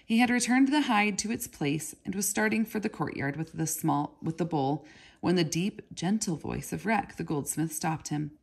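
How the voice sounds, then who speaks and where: A woman reads a novel aloud in a calm, steady narration. Her voice sits low, with a gravelly creak at the ends of phrases. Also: moderate pace. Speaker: reader.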